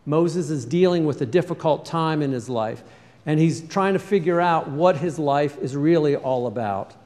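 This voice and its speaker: A male pastor preaching a sermon with earnest emphasis, often dropping to a soft, low tone. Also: moderate pace, in a large hall.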